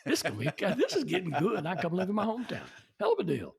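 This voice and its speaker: A man's voice: sits high, rapid-fire, creaky, slightly rough. A man, telling anecdotes as a podcast guest and acting out the people he quotes. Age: 70s. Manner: animated, acts out quoted people. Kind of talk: anecdotal storytelling.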